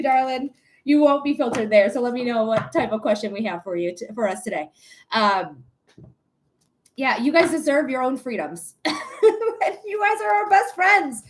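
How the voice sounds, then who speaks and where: A woman's voice: high voice, a bit bright. A young adult woman doing live psychic readings, chatting casually, swearing freely and laughing often. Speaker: psychic reader on a live stream. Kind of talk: casual live-stream chat.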